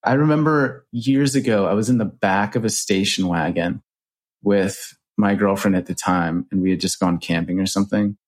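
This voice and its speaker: A man in his thirties, a podcast guest and author, telling reflective stories in an earnest, animated way with casual swearing. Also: lowish voice, moderate pace. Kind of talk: reflective storytelling.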